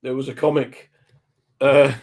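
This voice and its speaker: A man's voice: medium pitch, level tone, measured pace, vocal fry, a little mellow. A man hosting a radio show, telling stories in casual chat and doing the voices of the people he quotes. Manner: chatty, swaps into voices when quoting people.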